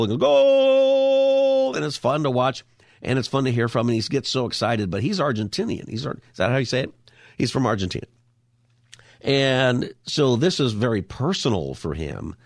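A man hosts a Christian radio talk show, earnest and reflective, circling back and restarting his thoughts. His voice sits on the low side and sounds close and dry, with no room around it. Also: expressive, a little fast, dry recording.

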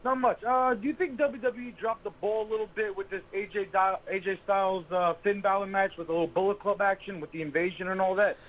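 An excited male fan calls in over a thin, tinny phone line. He talks fast in a high voice. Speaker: caller. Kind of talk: call-in radio chat.

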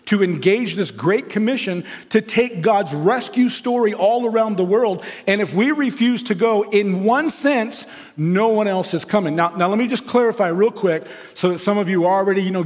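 A man's voice: sits high, big-room sound. A man preaching a sermon as pastor, earnest and repetitive, telling stories to the congregation.

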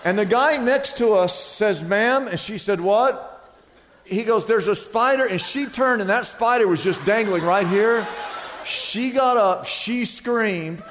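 Animated preacher in a reverberant hall. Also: male voice, high voice, unhurried, noisy background. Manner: storytelling preacher, animated retelling. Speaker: pastor. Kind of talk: sermon. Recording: long reverb of a large hall.

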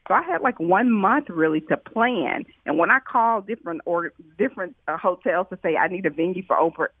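A woman who founded a food pantry, telling her stories in an interview with excited, animated energy and lots of quoted dialogue. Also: lowish voice, a little fast, slightly rough, no echo. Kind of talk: storytelling in an interview. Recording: tinny phone-like line, dry.

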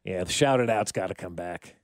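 A man's voice: sits low, fairly quick, no room sound, clean studio sound. A man with a Kansas City accent, hosting a sports radio show and chatting casually while reading out listener texts. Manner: joking, lively, reads out listener texts. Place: radio studio. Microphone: studio mic.

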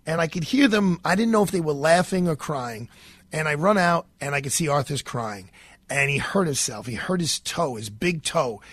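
A man's voice: a little high, lively intonation, normal speed, a bit bright, no room sound. A middle-aged man hosting a radio talk show, telling stories in a chatty, rambling way into a studio mic. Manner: chatty storytelling with fillers and restarts. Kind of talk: casual radio monologue. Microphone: studio microphone.

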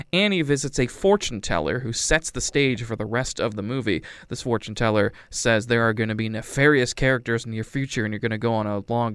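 A man reviewing a film in a loose, rambling way, with a wry edge and quick character voices thrown in. His voice is smooth and clear at a middling pitch. The recording is close and dry. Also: a bit bright, no echo. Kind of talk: casual movie review.

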